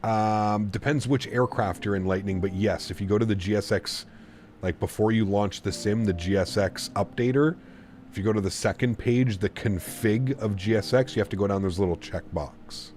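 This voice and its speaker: Laid-back streamer with a low voice. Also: male voice, normal speed, a little mellow, a little hiss or hum. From Canada. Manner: rambling, reads chat messages aloud. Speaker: flight sim streamer. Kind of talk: casual live-stream chat.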